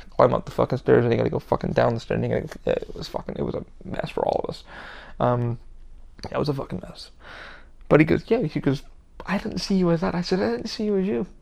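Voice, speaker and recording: A man's voice: a little high, a little mellow. A man hosting his own podcast, talking in a rambling, emphatic way and swearing constantly. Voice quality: gravelly. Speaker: podcast host. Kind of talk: casual monologue.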